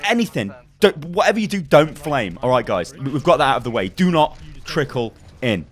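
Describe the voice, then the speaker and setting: A young man giving a game tips guide in an emphatic, repetitive, worked-up way, his voice slightly hoarse. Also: medium pitch, sing-song, fast. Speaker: gaming YouTuber.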